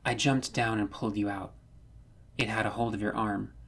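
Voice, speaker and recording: A man voicing a quiet, guarded young woman soldier in a storybook reading, speaking softly and hesitantly. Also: lowish voice, steady tone, normal speed. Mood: subdued. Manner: soft, subdued and hesitant.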